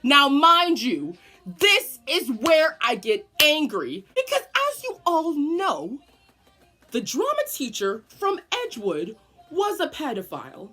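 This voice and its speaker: A young woman telling a personal story in a casual vlog, animated and swearing often. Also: high voice, slow, faint music behind. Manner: animated, profane, dramatic storyteller. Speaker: vlogger.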